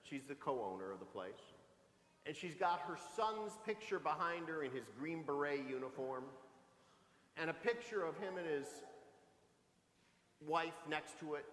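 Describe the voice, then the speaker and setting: A man in his sixties, a pastor giving a homily with animated, humorous storytelling in a church sanctuary. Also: fairly high pitch. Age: 60s. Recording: echoey church with long reverb.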